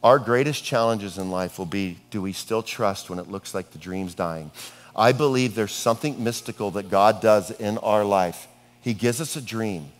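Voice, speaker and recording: Middle-aged pastor preaching in a hall. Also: male voice, on the low side. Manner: casual, conversational storytelling with dark humor. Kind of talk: sermon. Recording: long reverb of a hall.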